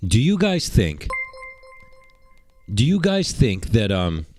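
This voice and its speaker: A man's voice: lowish voice, huge pitch swings, slow pace, a little mellow, soft background music. A man doing mocking livestream reaction commentary, rambling and sarcastic, repeating rhetorical questions.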